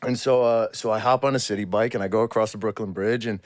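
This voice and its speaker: A young man casually telling a funny story as a podcast guest, animated and laughing, repeating words as he goes. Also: fairly low pitch, fast talker, no echo, clean studio sound. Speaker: guest actor.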